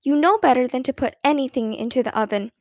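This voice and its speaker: A woman voicing a patient but weary mother who speaks calmly to her daughters. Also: sits high, fast talker, dry recording, clean studio sound. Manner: calm, patient.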